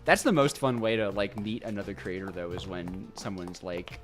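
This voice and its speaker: An American man hosting a casual group chat, animated and quick to laugh. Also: fairly low pitch, faint music behind. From United States. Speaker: host.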